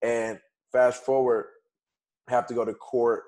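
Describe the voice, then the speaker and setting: A man, a guest on a podcast, telling a personal story in a casual, conversational way, moving through events in quick steps. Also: mid-range voice, little pitch movement, a little mellow. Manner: conversational, retells events in quick steps with "bam" and "fast forward".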